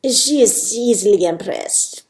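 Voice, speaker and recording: A woman's voice: medium pitch, expressive, a little slow, a little mellow, lightly acted. Woman putting on a friendly Spanish-accented ranch hand. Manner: friendly, helpful.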